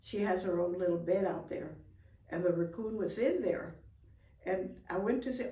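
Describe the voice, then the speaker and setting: An older woman telling a folk story in a lively, expressive way, with gasps for effect. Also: on the low side, normal speed. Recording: roomy, from far off.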